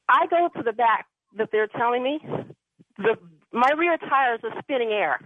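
A woman's voice: on the high side, animated, normal speed, no echo. Female caller, chatty storyteller, thin phone-line sound, dry. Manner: chatty, rambling, laughs often. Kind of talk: telling a personal story on a call-in show. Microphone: telephone.

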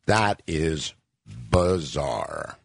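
A man hosting a late-night call-in radio show, musing slowly and drawing out his questions to listeners. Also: rumbling low, huge pitch swings, vocal fry, slightly rough, no room sound, clean studio sound. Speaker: radio talk show host.

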